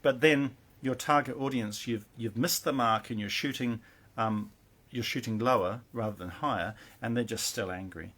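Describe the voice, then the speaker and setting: A man's voice: medium pitch, moderate pace, a bit bright. A man, a spiritual teacher, giving earnest, rambling advice in a casual monologue full of fillers and restarts.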